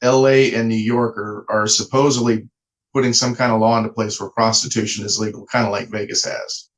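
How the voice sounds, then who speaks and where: A man on a podcast panel in casual chat, speaking in a steady, plain way. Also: fairly low pitch, brisk, rough recording. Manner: stammers at the start, then steady.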